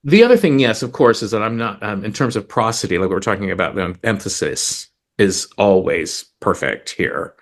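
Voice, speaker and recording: A man's voice: on the low side, animated, normal speed, few pauses. A man co-hosting a chat about songwriting, eagerly explaining craft and reading lyrics aloud with rhythm. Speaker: podcast co-host, lyricist.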